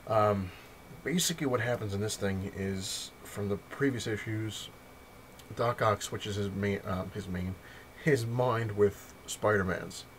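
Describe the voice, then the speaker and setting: Rambling low-voiced guy recapping comics. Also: slight background noise. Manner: rambling, self-correcting, swears freely. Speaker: comic collector reviewing his haul. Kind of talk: casual vlog recap.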